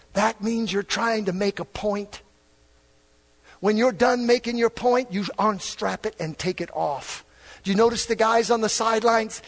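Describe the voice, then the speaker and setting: An older man preaching a fiery sermon, dropping low and then building to shouts. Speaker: pastor.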